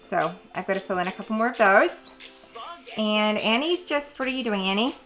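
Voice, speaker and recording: A woman's voice: medium pitch, animated, normal speed, fairly bright tone, faint music behind. A woman narrating a casual home vlog as a homeschooling mother, chatty and self-deprecating, often laughing. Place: busy family home. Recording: noisy home background.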